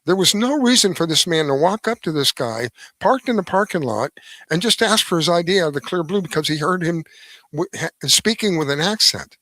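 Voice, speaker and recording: A man's voice: a little high, expressive, brisk, pushed and bright, no echo, rough recording. A middle-aged man hosting a radio show, giving a rambling opinion monologue with restarts and heavy emphasis.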